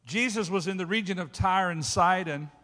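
A man preaching a sermon as pastor, peppering it with call-and-response asides and rising to loud shouts. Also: sits high, moderate pace. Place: church sanctuary. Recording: hall reverb.

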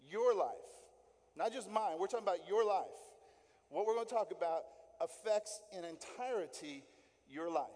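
A man with a high but mellow, warm voice delivers an emphatic sermon. He is middle-aged and talks to the congregation directly, driving points home with repetition and tag questions. A long reverb from the sanctuary trails every phrase. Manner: emphatic, keeps asking "right?" and repeating key points. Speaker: lay guest preacher. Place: church sanctuary.

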